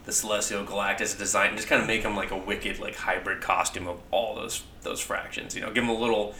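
A young man chatting casually and profanely, full of "like", acting out quoted lines as he pitches a story. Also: level tone, fast talker, pushed and bright, slight background noise. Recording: echoey room.

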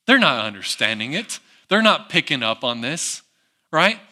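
A man preaching a sermon, who acts out the people in the story and drops to a hush on reflective lines. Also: mid-range voice, very animated, normal speed. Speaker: pastor.

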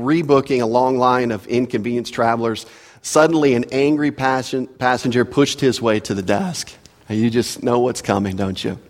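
Male pastor preaching in a reverberant hall. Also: mid-range voice. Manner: conversational preaching with asides and repeated words. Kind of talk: sermon. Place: church sanctuary.

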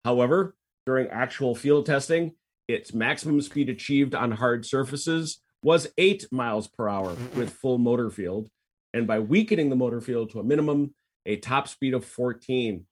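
A man with a husky, slightly rough voice co-hosts a casual chat. He reads historical figures aloud and then drifts into chatty asides and restarts. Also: mid-range voice, normal speed. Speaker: podcast co-host.

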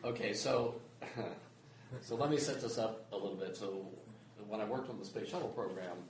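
An older man who worked on the space shuttle software, telling a story in casual chat and laughing along the way. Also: fairly low pitch, moderate pace, distant mic. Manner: animated, laughs while telling stories. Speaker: former space software engineer, guest. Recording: echoey room with background noise.

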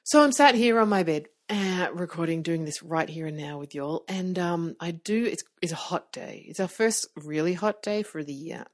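A middle-aged woman hosting a podcast from her bedroom, chatting casually with lots of fillers and restarts. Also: fairly low pitch. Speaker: podcast host. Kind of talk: casual solo podcast talk. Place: bedroom, seated on bed.

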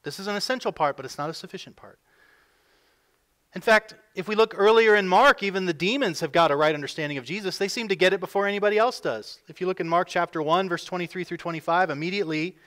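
A man preaching a sermon as pastor, building emphasis and swinging between loud pushes and quiet drops. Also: sits high, fast. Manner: emphatic preaching, voices quoted figures with rising force.

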